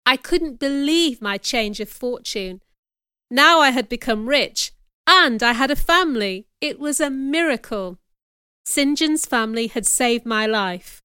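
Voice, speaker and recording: A woman narrates a storybook audiobook in the first person, in a clear and measured way. Her voice is fairly high, bright and crisp. The recording is dry and close. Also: lively intonation, dry recording.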